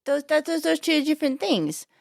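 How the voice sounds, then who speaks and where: A woman's voice: high-pitched, very animated, normal speed, gravelly, no room sound, studio quality. A woman co-hosting a podcast in casual comedic chat, sheepish and self-deprecating. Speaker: podcast co-host.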